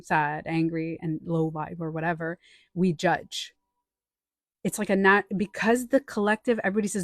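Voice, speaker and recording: In clean studio quality with no echo, a woman with a lowish voice talks on a live stream. She's a life coach and author who answers the chat and tells animated, chatty stories, acting out the quotes.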